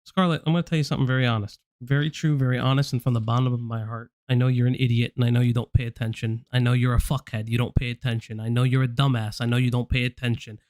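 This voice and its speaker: A man's voice: mid-range voice, flat delivery, quick pace, hardly any pauses, darkish tone, no echo, studio quality. A man hosting a live stream, speaking bluntly and confrontationally to someone he addresses directly. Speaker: stream host. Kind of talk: casual live-stream commentary.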